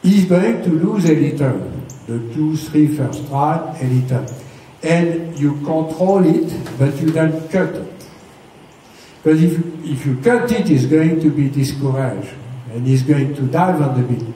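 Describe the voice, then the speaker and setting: A man teaches riding, patient and methodical, checking in often. His voice is mellow and a bit higher than most men's. He sounds far from the mic in a very echoey space with a faint hiss behind. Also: a little slow. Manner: patient, explains step by step, often checks "okay?". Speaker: riding instructor. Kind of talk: hands-on riding lesson.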